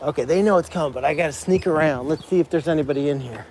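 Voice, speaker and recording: A man's voice: on the high side, racing, a little mellow, a little hiss or hum. A man caring for animals at a sanctuary, chatting to a live stream while he works alone outdoors, calling and coaxing the pigs in a sing-song way. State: working alone, moving around outdoors. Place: outdoor pig pens.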